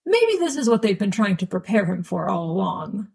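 A woman narrates a story in a wry, deadpan way. Her voice is gravelly and husky, and she sits at a middling pitch. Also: normal speed. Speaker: audiobook reader. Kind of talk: fan audiobook narration.

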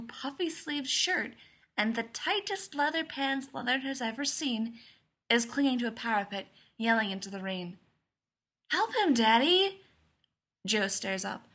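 Female story reader, bright, slightly high voice, lively and expressive. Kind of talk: reading a story aloud.

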